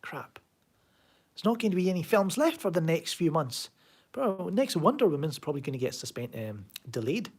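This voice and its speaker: A man's voice: a little high, sing-song, normal speed. A man with a Glaswegian Scottish accent chatting casually and sardonically on a live stream from his home, answering chat. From Scotland. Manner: rambling, sardonic, reads chat aloud. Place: home room.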